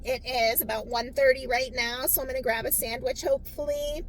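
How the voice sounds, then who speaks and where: A woman's voice: sits high, steady tone, fairly quick, a little hiss or hum, low-quality recording. A woman vlogging on a solo road trip, chatting casually and straight to her viewers while she films herself. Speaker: travel vlogger. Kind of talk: casual solo vlog chat.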